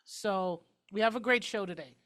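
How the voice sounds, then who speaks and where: A woman hosting a talk show, talking quickly and emphatically in a casual, outspoken way. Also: mid-range voice, fairly bright tone.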